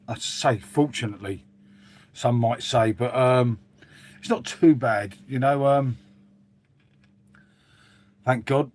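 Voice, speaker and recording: A man hosting a casual live stream, chatting to viewers in a rambling, matey way with the odd swear word. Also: medium pitch. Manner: chatty, rambling, says "mate" constantly, mild swearing.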